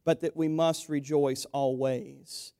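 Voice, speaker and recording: A man's voice: on the high side, level tone, takes it slowly, warm tone. A man preaching a sermon to his church, building to emphatic, repeated exhortations and calling his listeners "church".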